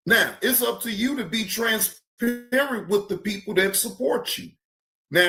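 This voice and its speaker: A man talks casually to his live-stream audience in a blunt, profane way. His voice sits a little high for a man. He speaks freely and energetically. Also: bright, forceful tone. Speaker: streamer host.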